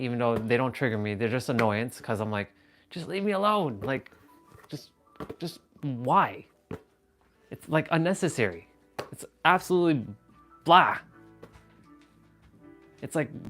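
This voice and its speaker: A man's voice: medium pitch, fairly bright tone. A young man hosting a casual livestream, rambling in an exasperated way with frequent laughs and offhand swearing. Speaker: livestream host.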